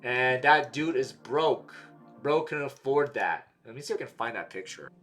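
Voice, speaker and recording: A man's voice: medium pitch, lively intonation, moderate pace, a bit bright, faint music behind. A young man giving blunt, exasperated reaction commentary, swearing freely and mocking what he reads. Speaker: commentary streamer.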